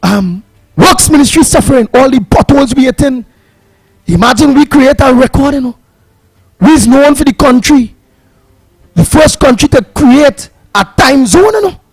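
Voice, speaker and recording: A man's voice: very high-pitched, expressive, normal speed, no room sound, low-quality recording. A man with a Trinidadian accent hosting a call-in radio show, emphatic and fiery, repeating words and slipping into a sing-song. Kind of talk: animated call-in radio talk.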